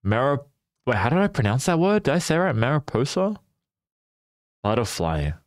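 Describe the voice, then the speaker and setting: A man's voice: medium pitch, huge pitch swings, fast, dry recording, clean studio sound. A man chatting casually with his viewers as a livestreamer, playful and teasing, often laughing.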